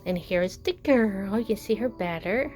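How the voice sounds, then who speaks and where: A woman's voice: mid-range voice, lively intonation, unhurried, a little mellow, faint music behind. A woman chatting casually in a show-and-tell vlog, gushing and rambling with fillers and self-corrections. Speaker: doll collector vlogger.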